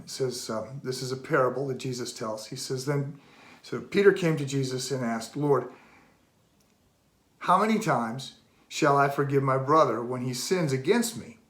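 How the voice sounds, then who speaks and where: A middle-aged man speaks as a pastor in a relaxed devotional, his voice sitting at an ordinary pitch. He tells a story animatedly and jumps up in pitch when acting out the people in it. The sound is roomy, with noticeable echo from the house around him. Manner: animated, acts out dialogue with rising pitch. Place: relatives' home.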